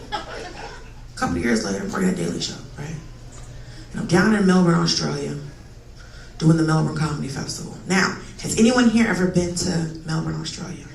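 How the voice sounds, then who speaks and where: A woman comedian doing a stand-up set on a club stage, brash and profane, bursting into loud acted outbursts, with audience laughter behind her. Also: on the low side, gravelly. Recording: roomy live club sound, mic heard from a distance, background noise.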